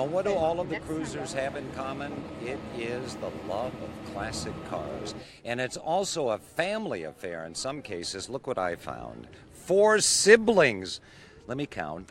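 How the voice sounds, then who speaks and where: A man's voice: mid-range voice, slight background noise. Upbeat man reporting live outdoors. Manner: folksy, upbeat, lively delivery. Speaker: TV field reporter. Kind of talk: live on-location broadcast interviews. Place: outdoors at a car show.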